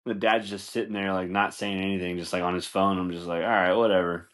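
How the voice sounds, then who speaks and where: A man's voice: low voice, steady tone, fast, a bit bright. A man hosting a comedy podcast, rambling loosely through stories, swearing and laughing, saying dude a lot. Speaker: podcast host.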